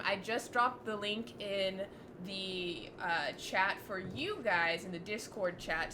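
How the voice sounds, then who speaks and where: A woman's voice: medium pitch, noisy background. A woman running a tabletop game on a live stream, talking in a blunt, joking, chatty way. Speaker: game master.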